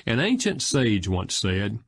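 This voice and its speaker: A man narrating an audiobook in a measured, expressive reading style. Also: on the low side, vocal fry, breathy edge.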